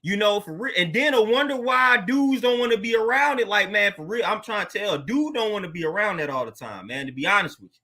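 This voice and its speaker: A man with a high, very bright voice talks straight to his listeners in a relaxed, slangy monologue. He speaks loosely and laughs between his points. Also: fairly quick. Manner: laid-back, conversational, laughs often, street slang. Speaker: podcast host. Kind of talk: casual monologue commentary.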